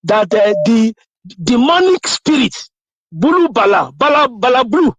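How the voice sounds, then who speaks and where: A man's voice: very high voice, big pitch swings, unhurried, a bit bright, no echo, dull audio. A man with a Nigerian accent, calling into a talk show and speaking in an effusive, blessing-heavy way that mixes Yoruba with English. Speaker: guest caller. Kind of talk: casual talk show call.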